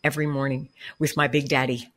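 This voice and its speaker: Bright-voiced, chatty older woman guest. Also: rumbling low, flat delivery, fast. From United States. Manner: chatty and rambling, laughs easily. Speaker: guest, performer and vocal coach. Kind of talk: casual interview talk.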